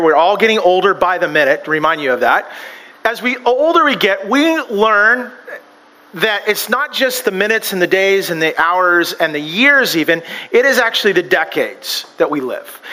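A man delivers a sermon in a high voice, chatting with the congregation rather than orating. His tone is bright and forward, and he keeps tripping over his words and starting sentences over. He slips in small jokes and homespun stories as he goes. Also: rough recording. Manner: conversational, joking asides and self-deprecating stories; stumbles and restarts often. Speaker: pastor.

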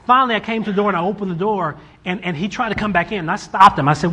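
A man in his forties, a father casually telling a story about raising his sons, animated and acting out his kids' voices. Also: sits high, quick pace, breathy edge. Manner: animated, acts out his children's voices in quotes.

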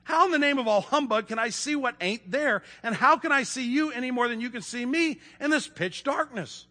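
A man voicing a surly, hostile male dwarf in a storybook reading during a sermon, his voice pitched up and gruff. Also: animated, moderate pace, fairly bright tone, heavily acted. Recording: long hall reverb.

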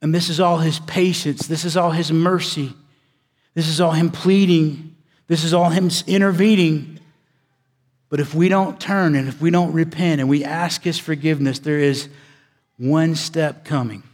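Male preacher, fairly high voice, dramatic sermon pacing, long church reverb. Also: fairly even intonation. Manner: preaching with dramatic pauses, swings between loud emphasis and hushed low delivery. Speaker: pastor.

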